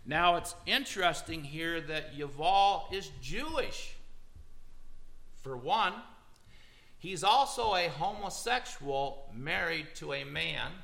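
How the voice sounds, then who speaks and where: A man's voice: a little high, expressive, slow, creaky, sharp tone, low-quality recording. A man giving a sermon-style talk, reading quotes aloud with emphatic stress. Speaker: preacher.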